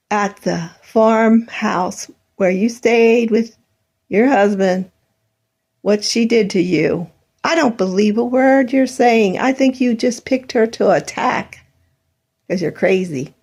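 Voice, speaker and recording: A woman's voice: high-pitched, a little slow, vocal fry, darkish tone. A middle-aged woman in an emotional monologue, bitter and accusing, rambling, her voice breaking into tears.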